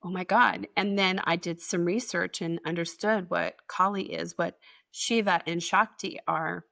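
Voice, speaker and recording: A woman's voice: fairly low pitch, fairly even intonation, measured pace, gravelly, pushed and bright. A woman co-hosting a podcast live stream, chatting animatedly, swearing freely and acting out quotes in her stories. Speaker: podcast co-host. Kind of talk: casual chat.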